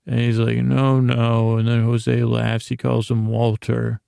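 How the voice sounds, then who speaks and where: Male podcast host, gravelly and mellow, meandering casual recap, dry close sound. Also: medium pitch, completely flat delivery, a little slow, dry recording. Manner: meandering, self-correcting, reads his notes aloud.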